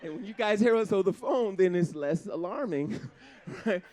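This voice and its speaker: Onstage before a live audience, a man performs stand-up with animated energy, laughing between jokes and dropping into silly put-on voices. His voice is high-pitched and his pace moderate.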